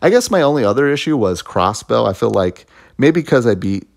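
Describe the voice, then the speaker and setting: A man's voice: medium pitch, sing-song, a little fast, creaky. A man giving a casual, rambling spoken review of a video game, chuckling often between thoughts. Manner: rambling and chatty, laughs often, fillers and restarts.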